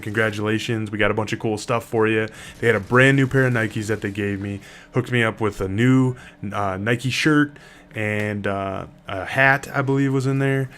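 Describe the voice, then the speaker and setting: A man's voice: on the low side, a bit bright, slight background noise. A middle-aged man, telling a rambling personal story in a casual vlog. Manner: laid-back, rambling, many fillers. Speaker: vlogger.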